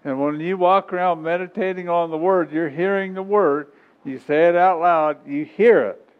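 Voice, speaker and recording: Male pastor, fairly high voice, homespun sermon delivery, thin phone-quality sound. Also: normal speed, clear, resonant tone. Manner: folksy, repetitive preaching with chuckles. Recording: tinny phone-like recording.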